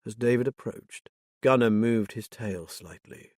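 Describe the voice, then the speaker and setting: A man's voice: mid-range voice, measured pace, darkish tone, dry recording. Man reading a thriller audiobook, close and dry. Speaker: audiobook narrator. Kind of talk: scripted narration.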